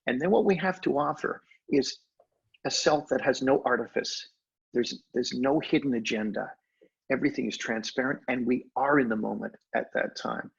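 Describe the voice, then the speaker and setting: An older man telling stories as a podcast guest, animated with expressive jumps in pitch. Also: normal speed, gravelly, breathy edge, muffled recording. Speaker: guest, hypnosis trainer. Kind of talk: storytelling in conversation.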